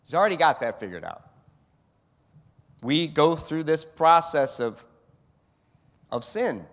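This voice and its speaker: A man preaching a sermon in an animated style, who fires off rhetorical questions and acts out scenes. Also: on the high side. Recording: long hall reverb.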